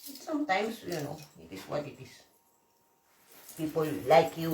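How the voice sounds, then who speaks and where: A hoarse woman vlogger, ranting in a profane, rambling, emphatic way. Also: medium pitch, distant mic. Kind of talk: emotional rant to camera. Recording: echoey room, voice off-mic.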